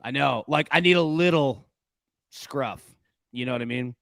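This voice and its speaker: A man hosting a sports betting show, talking in a casual, animated, joking way. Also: mid-range voice, normal speed, vocal fry, no room sound.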